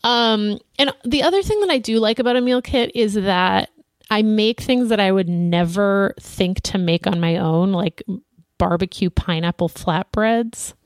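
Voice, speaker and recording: A woman's voice: medium pitch, unhurried, dry recording. Chatty woman co-host in a dry room. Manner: relaxed, chatty, laughs easily, many ums. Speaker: podcast co-host. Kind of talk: casual chat.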